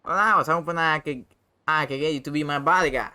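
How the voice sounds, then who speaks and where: Guy putting on a high, bright, chatty runaway who keeps pleading with his boy. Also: fast, smooth. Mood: eager. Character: excitable older man on the run, calls everyone boy. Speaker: game character voiced by a player.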